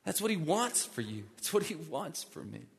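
A man's voice: fairly high pitch, sing-song, normal speed, gravelly. A male pastor preaching a sermon in a church, emphatic and pleading, repeating his points for emphasis. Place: church sanctuary. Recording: long reverb of a large hall.

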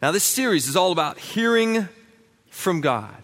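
A man preaching a sermon with humorous stories, talking in an animated way and acting out comic voices. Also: high-pitched, moderate pace, long reverb tail. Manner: quiet and hushed while praying. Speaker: pastor.

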